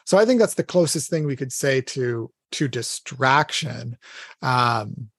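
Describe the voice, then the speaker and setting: Male co-host of a faith podcast, mid-pitched, earnest and chatty, dry close mic. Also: lively intonation, a little slow, fairly bright tone, slightly rough, dry recording. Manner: earnest, retells scripture conversationally with many fillers. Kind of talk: casual faith discussion.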